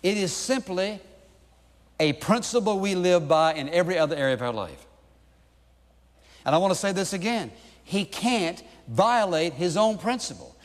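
Pastor preaching in an echoing hall. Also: male voice, high-pitched, lively intonation, moderate pace, long pauses. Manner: emphatic, preaching with repeated rhetorical questions. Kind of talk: sermon.

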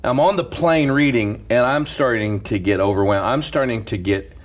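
A middle-aged preacher, appearing as a talk show guest, tells a story in casual chat with a medium-pitched voice at a moderate pace. He is an animated storyteller who quotes the people in it and laughs often.

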